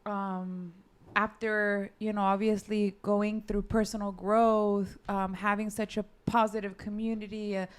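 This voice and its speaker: A woman hosting a podcast, asking gentle questions and backchanneling supportively. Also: mid-range voice, little pitch movement, measured pace, hardly any pauses, smooth. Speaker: podcast host. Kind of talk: interview questions.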